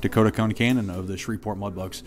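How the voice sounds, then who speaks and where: A man hosting a radio hockey intermission, asking relaxed, measured interview questions. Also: fairly low pitch. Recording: crowd noise behind.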